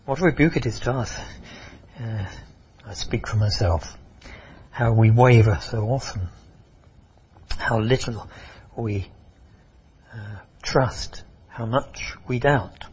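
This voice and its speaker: A man preaching a sermon, emphatic and expressive, often repeating and restarting phrases. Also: mid-range voice, takes it slowly, pauses often, slightly rough, dull audio.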